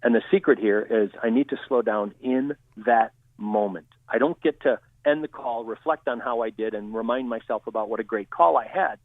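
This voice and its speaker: Guy explaining stuff calmly as a podcast guest, sounds like he's on a phone line, mid-pitched. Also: normal speed, few pauses, dry recording. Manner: steady, explanatory teaching tone. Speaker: guest communication trainer. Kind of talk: interview answers. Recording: tinny phone-line audio.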